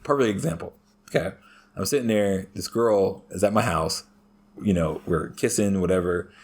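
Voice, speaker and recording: A man chatting casually as a podcast guest, swearing heavily and telling crude stories in an animated way. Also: deep voice, normal speed, gravelly, slightly rough. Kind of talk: casual chat.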